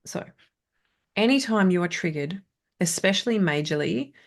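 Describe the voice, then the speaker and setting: Woman in her 30s, trauma coach, chatty conversational delivery; low, gravelly register. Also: animated, moderate pace. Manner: chatty, frequent "right?" and "like". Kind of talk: casual spoken masterclass.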